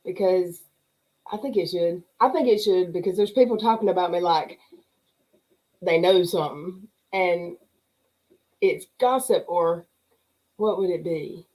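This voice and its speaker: A middle-aged woman with a drawl and a mellow, relaxed voice chats loosely through a livestream. She laughs often and greets each viewer by name as the comments scroll past. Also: lowish voice, unhurried, pauses often, poor audio. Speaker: livestream host. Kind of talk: casual chat reading live comments.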